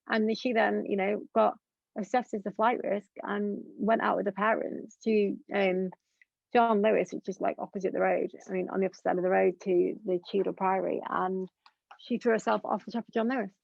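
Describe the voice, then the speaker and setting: A young woman speaks candidly as an interview guest, earnest and rambling, with many fillers. Her mid-range voice is steady and creaky at a normal speed. The recording is dry, dull, and lo-fi.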